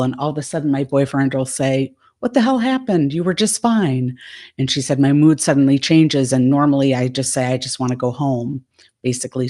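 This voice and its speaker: A woman's voice: rumbling low, a little mellow. A middle-aged woman life coach talking casually on a live stream, retelling a coaching session and speaking her client's lines in her own voice.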